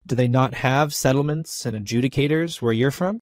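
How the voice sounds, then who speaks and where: A man's voice: medium pitch, a little fast, no room sound, natural voice. A man voicing a polite, apologetic royal advisor who explains things courteously and with some hesitation.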